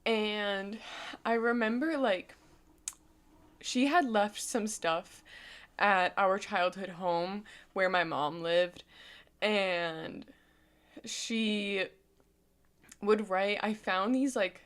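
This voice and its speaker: A woman's voice: mid-range voice, very slow, long pauses, clean tone. Young woman in her 20s vlogging, teary and shaky, lots of likes and ums. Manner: emotional, voice goes shaky and soft, casual filler-heavy talk. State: close to tears. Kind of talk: personal storytelling.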